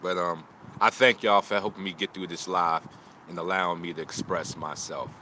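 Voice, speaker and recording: A man's voice: deep voice, steady tone, moderate pace, pushed and bright, slight background noise. A man talking live about loss and motivation in short, preaching lines, recorded outdoors on a phone. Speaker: martial arts teacher streaming live. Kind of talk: emotional live stream talk.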